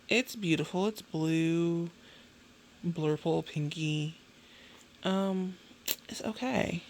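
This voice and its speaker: A woman in her thirties talks straight to her camera in a loose, chatty vlog. Her pitch swings widely as she rants and jokes. A gravelly fry runs under her voice. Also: slight background noise. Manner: chatty, animated and ranting, peppered with "okay?". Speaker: beauty vlogger. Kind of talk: casual chat.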